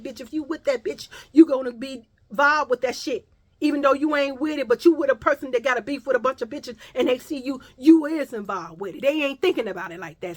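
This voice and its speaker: A woman telling a personal story in a casual vlog, animated and profane, talking straight to her viewers. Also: high-pitched.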